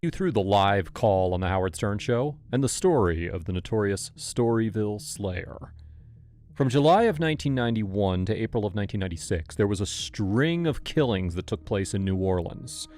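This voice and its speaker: A man narrating a scripted true-crime story in a measured, explanatory way. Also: on the low side, animated, a little mellow.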